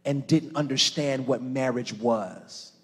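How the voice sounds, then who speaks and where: A man's voice: medium pitch, slow, husky. Impassioned preacher man, hall echo. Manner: impassioned preaching that swings from hushed to shouting; calls on the congregation directly. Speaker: pastor. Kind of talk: sermon. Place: church. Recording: long reverb of a large church hall.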